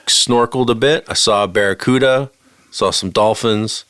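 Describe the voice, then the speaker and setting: Dude, lowish voice, laid-back and blunt, swears a lot. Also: male voice, normal speed, fairly bright tone, dry recording, studio quality. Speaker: podcast co-host. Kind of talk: casual chat.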